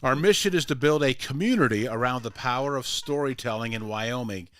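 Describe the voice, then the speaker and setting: A man's voice: mid-range voice, brisk, fairly bright tone, a little hiss or hum. An older man hosting a morning radio talk show, chatting casually and telling stories. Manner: chatty, tells stories with quoted voices. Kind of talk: casual on-air chat.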